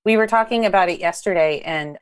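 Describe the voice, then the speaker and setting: A woman in her thirties recounts teaching mishaps with lively energy. Her voice sits on the lower side, recorded dry and close. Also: brisk, no room sound. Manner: animated, acts out past dialogue. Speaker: biology instructor, guest. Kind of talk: storytelling in conversation.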